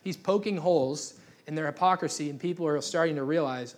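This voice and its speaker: Guy preaching sunday church, jokey and loose, voice a bit on the high side. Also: a little fast. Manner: casual, joking, restarts often. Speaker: pastor. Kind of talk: sermon. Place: church gathering.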